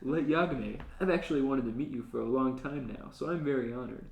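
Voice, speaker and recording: A man playing a courteous young man who speaks formally and respectfully. The pitch is ordinary. A roomy echo surrounds him. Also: fast talker, a little mellow, close to an everyday voice. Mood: polite.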